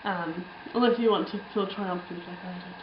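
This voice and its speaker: A woman's voice: on the low side, steady tone, normal speed, roomy sound, dull audio, noisy background. A young woman telling a travel story in a casual, rambling way, full of ums and little laughs. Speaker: travel vlogger.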